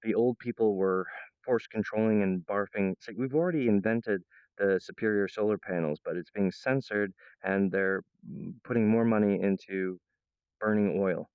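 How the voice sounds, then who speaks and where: Low-voiced guy rambling to his viewers, smooth tone, dry close sound, laughs mid-sentence. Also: steady tone, moderate pace, no echo, phone-quality sound. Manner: acts out other people's voices in a high pitch.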